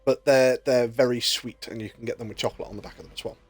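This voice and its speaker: This British man, in his thirties, chats casually during a game stream, speaking quickly in a mid-range voice with no room sound. His talk is lively and joke-filled, and he tells stories and swears a lot.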